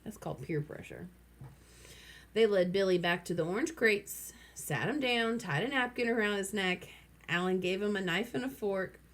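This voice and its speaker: A woman reading a children's novel aloud, lively and throwing in wry asides. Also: mid-range voice, normal speed. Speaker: reader.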